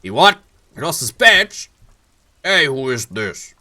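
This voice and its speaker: A man with a German accent voicing a furious, foul-mouthed police partner who shouts and swears. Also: mid-range voice, normal speed, voice pushed up, close to an everyday voice. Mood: angry, mocking.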